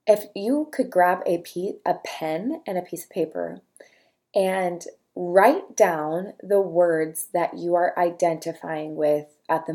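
Slow, soft-spoken woman podcast host. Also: lowish voice. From California. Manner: slow, soft-spoken, reading words one at a time. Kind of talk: casual podcast monologue, reading a list aloud.

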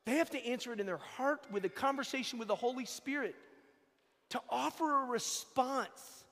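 A man's voice: extremely high pitch, moderate pace, a bit bright. A man, a priest, giving a sermon in a church, telling stories emphatically and repeating key phrases. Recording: long echo of a church hall.

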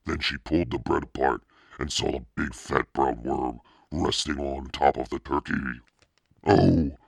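A man reading a children's story aloud in a steady, expressive narration. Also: very deep voice, normal speed, vocal fry, husky, no room sound, studio quality. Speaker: audiobook reader.

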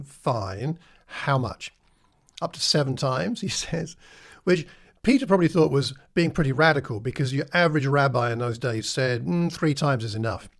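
A man teaching a Bible class in a relaxed, conversational way, with a voice pitched a little above the usual male range. He keeps asking his listeners questions and briefly acts out the lines he quotes. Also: gravelly.

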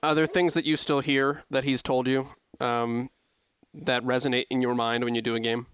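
A man's voice: medium pitch, level tone, normal speed, fairly bright tone, clean tone, no room sound. A man interviewing a guest, thinking aloud and rephrasing his questions as he goes.

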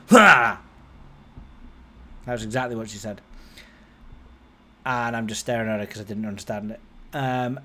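A man in his forties, a podcast host, telling a long personal story in a casual, rambling way, with his voice rising and falling as he goes. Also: a little hiss or hum. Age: 40s. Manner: rambling, conversational, lively swings in pitch and loudness.

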